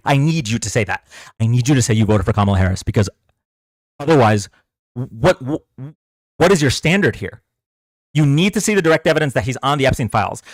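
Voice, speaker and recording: A political livestream host with a fairly high-pitched voice talks casually to his chat, sounding exasperated and sarcastic and repeating himself often. The sound is clean studio quality with no echo.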